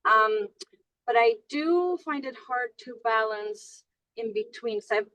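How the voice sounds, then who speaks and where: A woman's voice: a little high, slow pace, bright, forceful tone, dry recording, low-quality recording. A woman calling in to a group call, grateful and a little hesitant, restarting her words as she asks a question. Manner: grateful, hesitant, repeats herself. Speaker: caller.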